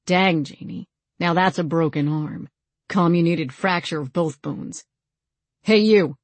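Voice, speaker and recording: A woman voicing a brisk protective medic man. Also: fairly low pitch, no room sound. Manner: brisk, commanding.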